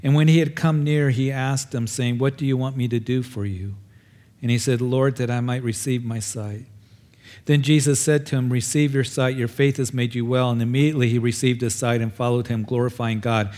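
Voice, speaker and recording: A man preaching in a medium voice, walking his congregation through a gospel story. He shifts between quiet, conversational asides and sudden raised, pleading cries as he acts out the people in the scene. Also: medium pitch, fairly even intonation, a little fast. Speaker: pastor. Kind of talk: sermon.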